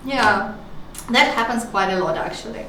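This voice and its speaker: A woman's voice: a little high, normal speed, sharp tone, slight background noise. A woman, a Russian speaker, speaking as a game designer guest on a casual stream, hesitant with many fillers and restarts. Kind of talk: casual dev stream chat. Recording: echoey room, distant mic.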